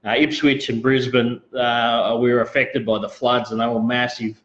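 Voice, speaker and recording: A man's voice: mid-range voice, level tone, normal speed, fairly bright tone. A man with an Australian accent hosting a casual live show, rambling in a laid-back way and greeting viewers as he talks. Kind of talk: casual live-stream chat. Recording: roomy, dull lo-fi live stream audio.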